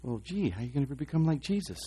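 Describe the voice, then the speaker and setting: A man's voice: medium pitch, sing-song, rapid-fire, dark tone, husky. A man preaching a sermon, asking the congregation to respond and acting out short voices. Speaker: pastor.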